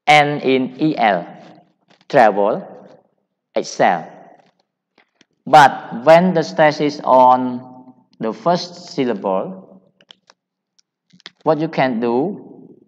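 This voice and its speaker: A man with a Cambodian accent teaching English grammar, explaining slowly and repeating each point. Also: mid-range voice, a little mellow. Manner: slow, repetitive, deliberate explaining. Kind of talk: grammar lecture. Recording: dull sound in a long-reverb hall.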